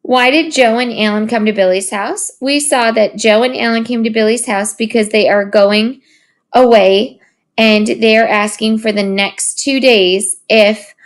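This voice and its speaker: A woman teacher reading aloud and walking through comprehension questions. She speaks slowly and patiently, with a few ums as she thinks. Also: fairly high pitch, steady tone. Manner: slow, patient, with fillers.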